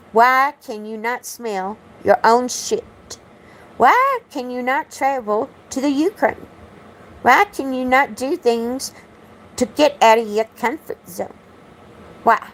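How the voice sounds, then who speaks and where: A woman's voice: high voice, slight background noise, rough recording. A woman talking straight to the camera in a blunt, profane, accusatory monologue, repeating her phrases as she rambles. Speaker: vlogger.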